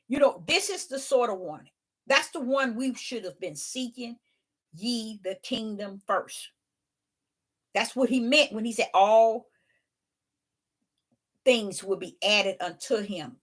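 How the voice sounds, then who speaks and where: A woman's voice: mid-range voice, a bit bright. A woman with an African American English accent, giving casual preaching commentary in an emphatic, repetitive way with stammered fillers. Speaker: live stream host.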